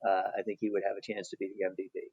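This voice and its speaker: A man's voice: low-pitched, completely flat delivery, very fast, slightly rough, dry recording. Man with a dull lo-fi sound. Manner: hesitant, many restarts and fillers. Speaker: podcast co-host. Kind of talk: casual sports chat.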